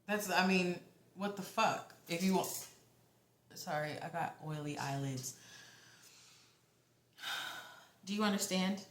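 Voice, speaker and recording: A young woman giving a casual tarot reading, talking in a halting, rambling way with the odd swear word. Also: lowish voice, reverberant. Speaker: tarot reader.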